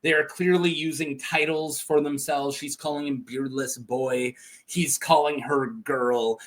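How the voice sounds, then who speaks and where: A man with a notably high voice hosts a casual lore video. He talks in an animated, chatty way and often breaks into laughter. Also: a little slow.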